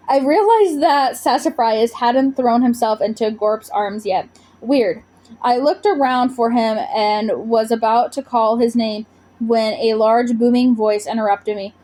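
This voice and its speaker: A woman reading a children's storybook aloud with expressive narration. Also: fairly high pitch, unhurried. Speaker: audiobook reader.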